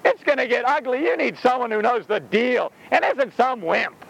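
A man's voice: extremely high pitch, animated, normal speed, vocal fry, fairly bright tone, breathy edge, muffled recording. A man preaching an intense, exclaiming sermon, laughing now and then between points. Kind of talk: fiery sermon.

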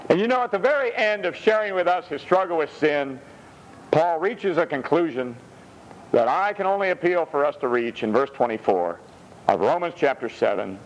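Animated male preacher. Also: fairly high pitch, normal speed, lo-fi sound. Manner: animated, punctuates with "amen". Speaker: pastor. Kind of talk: sermon.

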